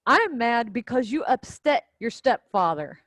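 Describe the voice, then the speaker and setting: Woman voicing a dramatic queen mother, flustered and sarcastic, slow delivery, dry close sound. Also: on the high side, very animated, a bit bright, no room sound. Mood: scolding. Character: exasperated middle-aged queen mother, dramatic.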